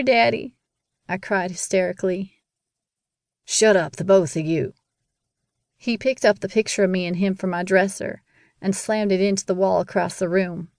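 A woman narrating a first-person audiobook in a measured, grave manner. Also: mid-range voice, darkish tone, no echo, clean studio sound.

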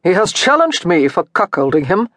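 A woman's voice: lowish voice, big pitch swings, normal speed, no room sound. A woman voicing an arrogant, cool young male duke who speaks with careless disdain in an audiobook. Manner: careless, coolly dismissive drawl.

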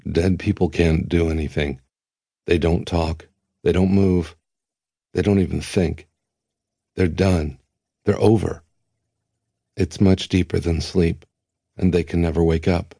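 A flat, commanding voice from an unseen official, voiced by a male narrator, clipped and a little irritated. The pitch sits very low and the tone is dark and mellow. The recording is dry and close. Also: unhurried, gravelly, pauses often, breathy edge, no room sound, heavily acted.

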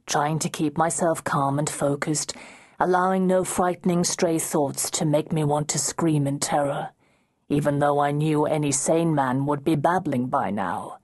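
Slow, husky-voiced woman narrating. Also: low-pitched, a little mellow. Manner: measured, deliberate reading. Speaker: audiobook narrator. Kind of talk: first-person audiobook narration.

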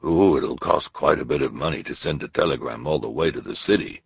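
A man's voice: extremely low pitch, a little fast, gravelly, breathy edge, no echo, lo-fi sound, voice pushed down, heavily acted. A man voicing a friendly, scruffy little shopkeeper who chats and holds firm opinions, in a storybook reading. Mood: chatty. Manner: chatty, opinionated.

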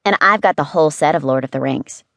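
A woman reading an audiobook, voicing an eager, excitable young girl in a high voice. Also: quick pace, no echo, clean studio sound. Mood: eager girlish. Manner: excited and wide-eyed.

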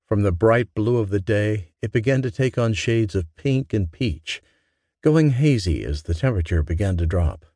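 A man reading a romance audiobook as narrator, in a gentle, measured way. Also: on the low side, lively intonation, no echo, studio quality. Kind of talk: scripted narration.

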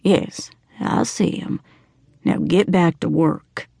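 A terse, hushed middle-aged caretaker father speaks low and quiet, voiced by a woman reading an audiobook. His words come short and firm, with a gravelly low edge. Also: takes it slowly, dry recording, clean studio sound, full character voice. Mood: stern hushed.

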